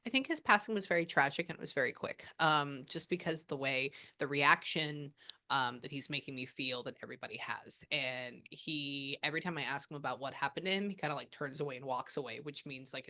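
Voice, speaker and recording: A woman working as a psychic medium, talking casually and excitedly with many fillers, relaying what spirits say. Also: rumbling low, a little fast. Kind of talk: casual spirit reading session.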